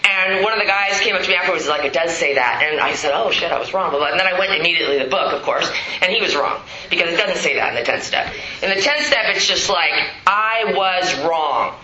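A woman's voice: on the low side, animated, quick pace, few pauses, pushed and bright. A woman speaking at a recovery meeting, telling her story with frank, profane, self-mocking humor. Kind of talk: candid storytelling talk. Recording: roomy hall, dull lo-fi sound, noisy.

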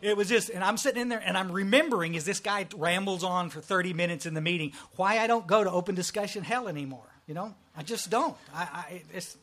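A man's voice: high-pitched, fast, hardly any pauses, a bit bright. A middle-aged man from Texas with a Texan accent, giving a folksy, emphatic testimony talk at a recovery meeting.

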